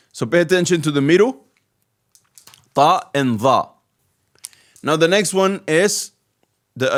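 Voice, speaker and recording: A man teaching the alphabet step by step, patiently repeating each letter sound. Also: a little high. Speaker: Arabic teacher. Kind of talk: slow step-by-step lesson.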